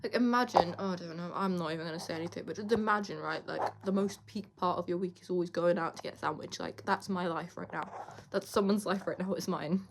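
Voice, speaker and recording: A young woman rambles through a casual vlog, poking fun at herself as she walks around town. She talks into a handheld phone outdoors, with clear noise behind her. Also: lowish voice, quick pace. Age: young adult. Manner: chatty, rambling, self-mocking. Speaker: vlogger.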